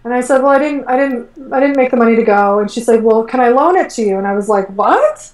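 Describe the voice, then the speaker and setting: A woman's voice: a little high, fast. A woman guest in a casual interview, telling stories with lots of fillers and acting out her own quotes. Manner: animated storytelling, acts out her own quotes, many fillers like "like" and "um". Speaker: guest, energy work coach. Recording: echoey room, voice far from mic.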